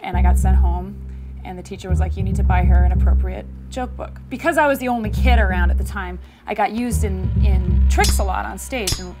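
A young woman comedian telling a childhood story in a wry, casual, deadpan way, with music playing behind her. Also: mid-range voice, a little fast. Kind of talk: comic storytelling.

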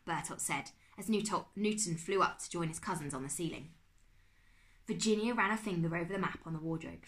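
A woman teacher reading a chapter book aloud to her class, expressive and dropping to a whisper at tense moments. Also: sits low, brisk. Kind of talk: storybook read-aloud.

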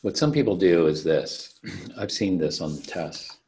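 A man's voice: deep voice, animated, measured pace, a little mellow. A man teaching a recorded online chemistry lesson, talking through unit conversions step by step in a methodical way. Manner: methodical, talks through worked problems step by step. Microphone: computer mic on a video call.

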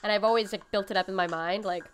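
Woman host of a home cooking stream; casual and rambly, reads chat aloud, with a smooth, clear voice. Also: mid-range voice, fairly even intonation, quick pace. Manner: chatty and rambling, with frequent fillers. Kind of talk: casual chat reading viewer comments. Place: home livestream setup.

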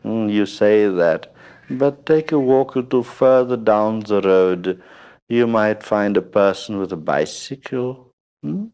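An older man delivers a spiritual talk to a gathered audience in a very deep, low voice. He speaks slowly and unhurriedly, weaving humorous anecdotes and checking in with listeners through frequent questioning "hmm?" asides. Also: a little mellow, smooth. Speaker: spiritual teacher.

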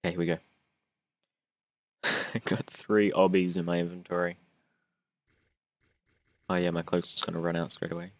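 Deep-voiced young man narrating gameplay. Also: monotone, moderate pace, pauses often, dry recording. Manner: chatty, self-mocking, whiny begging. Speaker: gaming YouTuber. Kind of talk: casual gameplay commentary.

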